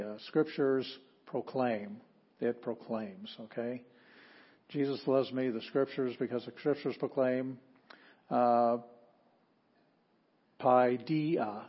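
Husky man teaching slowly, lo-fi. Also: medium pitch. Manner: patient, halting, many ums, sounds out words slowly. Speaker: Greek teacher. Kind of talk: informal classroom lesson.

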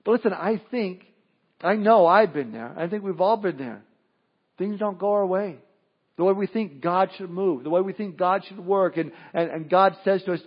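A male pastor giving an animated sermon, reading scripture aloud and acting out the voices he quotes. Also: high voice, moderate pace, slightly rough. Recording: dull lo-fi sermon recording.

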